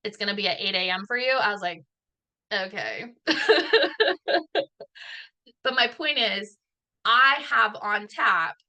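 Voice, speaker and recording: Woman, thirties, bright clear voice, casual speaker, chatty, self-deprecating, acts out quotes. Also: fairly high pitch, expressive, slow, pauses often. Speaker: guest speaker. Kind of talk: casual talk at an online event.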